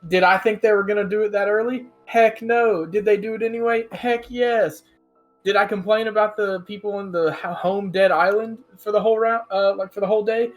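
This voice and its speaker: Fast-talking young man, contestant confessional. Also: sits high, soft background music. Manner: quick, animated and self-justifying. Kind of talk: casual confessional.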